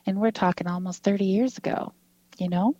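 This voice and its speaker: A woman's voice: mid-range voice, fairly even intonation, brisk, mellow, no room sound. A woman in her fifties telling a personal story in a casual interview, acting out quoted dialogue and laughing often. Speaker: guest. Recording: dull lo-fi dry recording.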